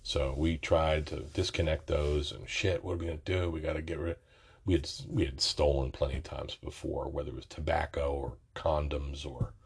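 A middle-aged man telling a rambling, profane story from his youth, often correcting himself mid-sentence, with a raspy voice. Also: rumbling low, little pitch movement, normal speed. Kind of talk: casual storytelling.

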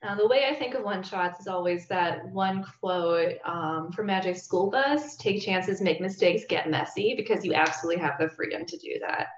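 A woman's voice: fairly low pitch, normal speed, few pauses, highs cut off. Woman hosting in an echoey room. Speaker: podcast host. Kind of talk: casual chat.

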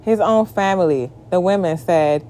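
A young woman, telling a story in a casual rant, profane and exasperated, breaking into shrill mock outbursts. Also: normal speed, warm tone.

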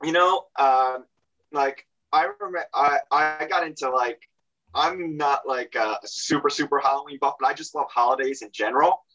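A man's voice: mid-range voice, normal speed, pushed and bright, lo-fi sound. A middle-aged man guesting on a podcast, rambling and hesitant with lots of fillers and dry self-deprecating jokes. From Central New Jersey. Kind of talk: casual podcast chat.

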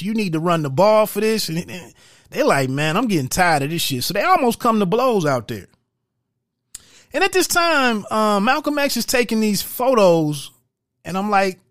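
Man, high voice, casual movie recap, profane, quotes the characters, dry sound. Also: fairly bright tone, no room sound. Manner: loose, profane, retells scenes with quoted dialogue. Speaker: movie reviewer.

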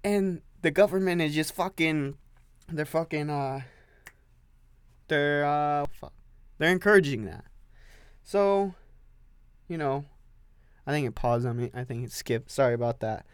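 A man's voice: fairly high pitch, measured pace, pauses often, smooth, dry recording. A young man hosting a solo podcast, rambling and swearing, repeating himself as he talks while standing with a coffee. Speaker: podcast host.

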